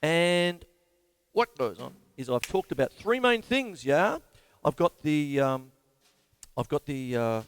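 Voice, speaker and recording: A man's voice: fairly high pitch, expressive, slow pace, clear, resonant tone. Rambling Australian man teaching drums. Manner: rambling, chatty, digressive, laughs at himself. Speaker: drum teacher. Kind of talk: live-streamed drum lesson.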